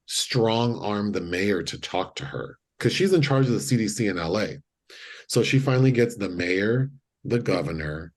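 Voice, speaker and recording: A man co-hosting a podcast, retelling a film in casual chat and acting out the characters' lines with animated delivery. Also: lowish voice, husky. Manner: animated storyteller, acts out quotes. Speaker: podcast co-host.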